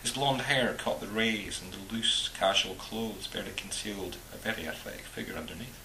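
Low-voiced man reading a story aloud. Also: roomy sound, slight background noise, poor audio. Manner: calm, measured narration.

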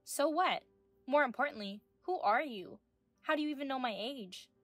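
Casting: thirties woman narrating as a stern, indignant wife in an audio drama, high voice, faint music bed. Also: animated, normal speed, fairly bright tone, no echo. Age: 30s. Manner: firm, indignant questioning.

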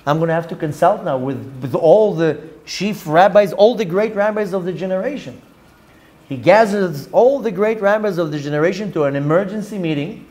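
A man, a rabbi, telling a story in a lively lecture, acting out the dialogue and mixing in Hebrew and Yiddish words. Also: high voice.

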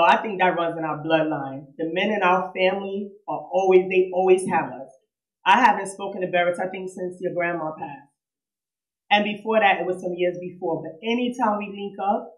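Woman speaking at a funeral, nervous but chatty, roomy echo all around. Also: lowish voice. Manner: nervous, conversational, laughs between memories. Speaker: cousin giving a eulogy. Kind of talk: funeral eulogy. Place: funeral service hall.

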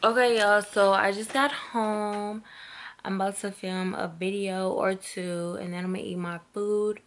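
A woman's voice: mid-range voice, fairly even intonation, unhurried. A young woman in casual vlog chat, cursing freely and talking to her viewers as y'all, filming on a handheld phone at a mall and at home. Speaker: beauty vlogger. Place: shopping mall, then home. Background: loud music.

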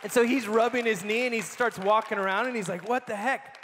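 High-voiced man preaching in a hall. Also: quick pace, crowd noise, background noise. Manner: animated storyteller who laughs often. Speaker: conference speaker. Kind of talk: sermon told as a personal story. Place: large conference hall. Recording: long hall reverb.

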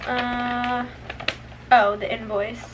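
High-voiced chatty young woman vlogger. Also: extremely slow, very noisy. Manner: chatty and expressive, heavy use of "like". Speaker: beauty and fashion vlogger. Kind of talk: casual try-on haul chat.

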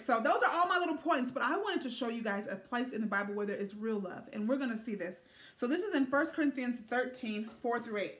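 Woman doing a faith vlog, highish voice, keeps repeating stuff for emphasis, roomy echo. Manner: emphatic, repeats lines for stress. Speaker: faith vlogger. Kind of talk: casual faith talk to camera. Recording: echoey room.

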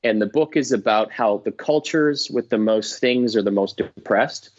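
A middle-aged man, a comedian guest, telling stories in casual chat, animated and swearing, acting out voices. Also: on the low side, moderate pace. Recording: dull lo-fi dry sound.

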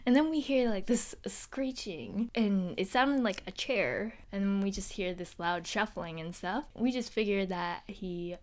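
A woman's voice: mid-range voice, a little slow, a little mellow, close to an everyday voice. A woman playing a bubbly teenage girl at a hero school, telling a dorm story in a chatty, giggly way with many fillers. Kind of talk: in-character storytelling vlog.

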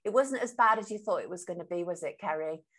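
A woman's voice: on the low side, lively intonation, fast talker, a bit bright. A woman hosting a live-stream talk show, sympathetic to her guest and reading viewer comments aloud. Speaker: host.

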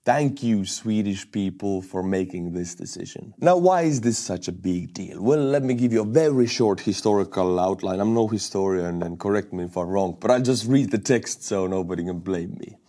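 A man's voice: low-pitched, normal speed, hardly any pauses, dark tone. A young man from Estonia giving a casual, upbeat video commentary with enthusiasm. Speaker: war news vlogger.

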